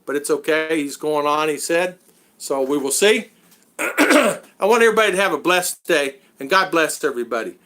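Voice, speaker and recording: A man hosting a relaxed live stream chat, his voice bright and somewhat high for a man. He rambles, drops in frequent fillers and chuckles as he talks to viewers. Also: moderate pace.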